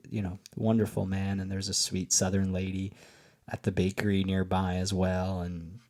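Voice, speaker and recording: Man, lowish voice, rambling solo podcast talk, slightly tipsy, lots of fillers. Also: vocal fry, a little mellow. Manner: meandering, full of fillers and restarts. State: a little tipsy from wine. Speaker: podcast host.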